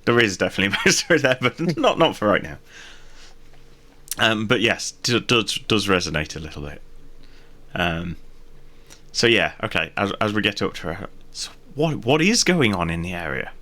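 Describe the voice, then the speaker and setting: Guy player in a tabletop game, lowish voice that swings around, jokey and stop-start. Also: lively intonation, bright, forceful tone. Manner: playful, halting with restarts.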